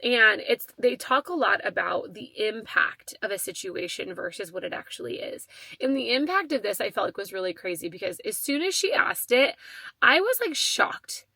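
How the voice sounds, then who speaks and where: Bright animated woman telling a story. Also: mid-range voice, normal speed, creaky, no room sound. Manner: animated, lots of fillers and quoted dialogue. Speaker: podcast host. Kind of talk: casual storytelling.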